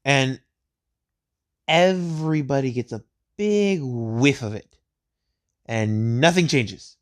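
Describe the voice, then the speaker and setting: A man casually retelling a fan story in a rambling, halting way, searching for words. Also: mid-range voice, animated. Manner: rambling, halting, with many fillers and restarts.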